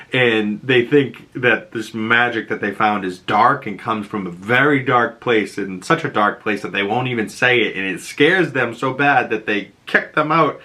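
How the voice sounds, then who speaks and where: Guy recapping a show, rambly and loose, bright forward voice. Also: fairly low pitch. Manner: rambling, fast, full of "like" and "you know". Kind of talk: casual recap vlog.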